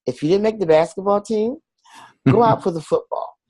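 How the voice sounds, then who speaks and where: A man's voice: high-pitched, a little fast, a little mellow, dry recording. A middle-aged man being interviewed, telling a personal story in an earnest, confessional way and acting out the voices of the people he quotes. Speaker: guest.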